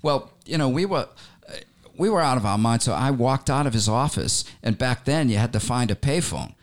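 A man, a musician, telling animated stories about his career in a relaxed interview, with many fillers and restarts. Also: mid-range voice, normal speed. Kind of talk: storytelling interview talk.

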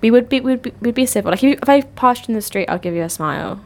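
Woman thinking out loud, lots of restarts, casual podcast talk. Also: fairly high pitch, animated, very fast. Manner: hesitant, restarts, thoughtful. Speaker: podcast co-host. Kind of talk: casual chat.

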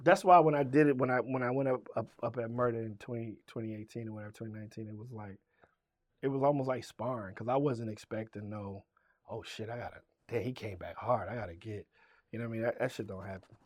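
Speaking fast in a mid-range voice with a somewhat dark tone, a middle-aged rapper from Richmond, Virginia recounts a story as an interview guest. The tale is full of cursing, and he acts out both sides of every conversation in lively fashion.

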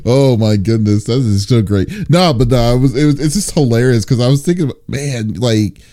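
In a casual interview chat, a male podcast host asks long, rambling questions, restarting many times. He speaks at a moderate pace in a mellow, medium-pitched voice.

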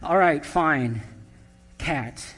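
A man's voice: fairly high pitch, very slow, fairly bright tone, in a large hall, exaggerated voice. A pastor voicing a tired, baffled first man in a comic sermon joke, sounding exasperated.

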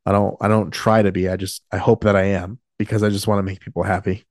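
A man's voice: lowish voice, little pitch movement, fast talker, no room sound, studio quality. A man in his late twenties hosting a podcast, talking candidly in a rambling, casual way with many fillers and restarts. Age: 20s. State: emotional, choked up. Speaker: podcast host.

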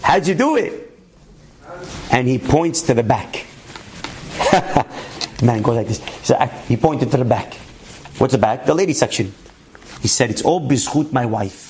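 A man's voice: normal speed, a little hiss or hum. A man giving a sermon as a story, acting out the people he quotes and mixing Hebrew words into his English. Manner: animated storyteller, acts out quotes with rising pitch, Hebrew terms sprinkled in. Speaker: rabbi telling a story.

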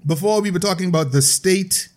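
A man's voice: high voice, brisk. A Bahamian man hosting a podcast panel, leading casual banter with frequent stammered restarts. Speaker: podcast host.

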